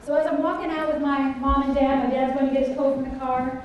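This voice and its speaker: A middle-aged woman telling a personal story to a conference audience, animated and often asking the listeners questions. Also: high voice, fast, far from the mic, highs cut off, slight background noise. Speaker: conference speaker. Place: large conference hall. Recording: echoey hall, voice picked up from afar.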